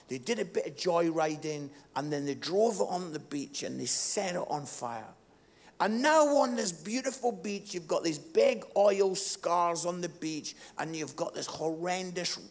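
Impassioned high-voiced male pastor, gravelly. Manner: impassioned, swinging from hushed to shouting. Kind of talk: sermon. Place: church service, live.

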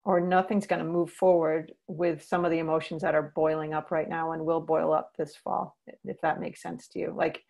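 A woman's voice: fairly low pitch, gravelly. A woman leading a teacher training session, earnestly explaining and acting out what to say to students. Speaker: social-emotional learning trainer.

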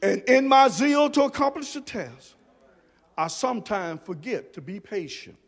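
Brief: male pastor, sermon delivery, very high voice and slow pace, soft-to-shouting dynamics. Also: very animated, big-room sound. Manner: swings from soft low murmurs to shouted emphasis. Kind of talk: preaching a sermon. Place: church sanctuary.

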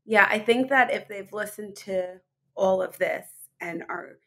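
A woman's voice: mid-range voice, a little slow, creaky, a bit bright. Woman, health coach guest, enthusiastic, rambling, filler-heavy talk. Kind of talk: conversational interview.

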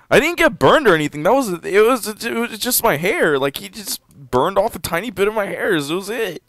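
Excitable young man, lively pitch. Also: moderate pace, no room sound. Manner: excitable, jumps into loud high-pitched outbursts. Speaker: gameplay commentator. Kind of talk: casual let's-play commentary.

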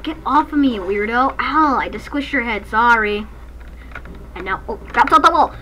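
A woman hosting a gaming channel, giving excitable, jokey let's-play commentary from a dark room at night and breaking into snatches of song. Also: on the high side, normal speed, a little hiss or hum, rough recording.

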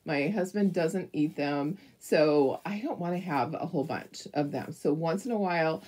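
An older woman telling a rambling story in a chatty, animated way while she paints a craft, laughing often. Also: sits low, normal speed, slightly rough. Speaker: craft vlogger.

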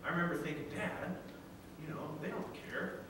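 A man's voice: a little high, brisk, noisy background. A middle-aged male pastor preaching a sermon earnestly, often restarting phrases and acting out a father's words. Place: church sanctuary. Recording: echoey church sanctuary from far off.

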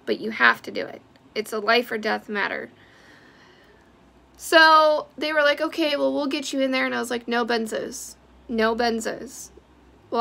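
A woman's voice: fairly high pitch, gravelly, pushed and bright. A woman giving a blunt, heated personal vlog update who swears freely. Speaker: vlogger sharing a personal health update.

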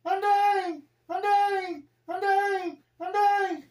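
A man's voice: fairly even intonation, very slow, darkish tone, echoey room, recorded from a distance, heavily acted. A man putting on a shrieking inmate acting out a dying cockroach, called out from away from the mic. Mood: frantic. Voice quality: shrill, shrieking.

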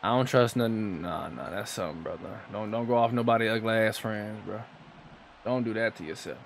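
A man's voice: on the low side, fairly quick, slight background noise. A man streaming a football video game, talking loosely to his chat and friends while he plays. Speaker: gaming streamer. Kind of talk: live stream gameplay commentary.

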